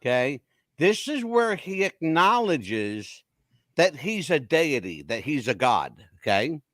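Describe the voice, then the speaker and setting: A man hosts a podcast with blunt, profane, animated storytelling. His voice sits fairly high and swings widely in pitch. The sound is dry and close. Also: takes it slowly, dry recording. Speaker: podcast host. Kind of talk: casual chat.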